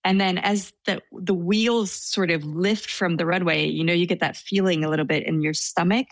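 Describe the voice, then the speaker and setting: Soft-spoken woman, low voice, dry sound. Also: fairly even intonation, moderate pace, no echo. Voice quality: soft-spoken, hesitant, frequent fillers. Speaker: storyteller guest. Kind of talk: casual anecdote telling.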